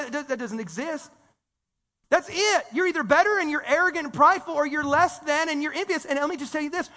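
A man delivers a lively, conversational sermon, often restarting his sentences. His voice sits very high and sounds bright and forceful. A long reverb trails his words through the church hall. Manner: energetic, conversational preaching with repeated restarts. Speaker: pastor.

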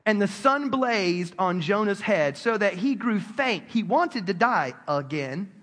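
Bright-voiced animated male preacher. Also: high-pitched, measured pace. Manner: animated, calls on the congregation to respond. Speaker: pastor. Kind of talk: sermon. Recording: long hall reverb.

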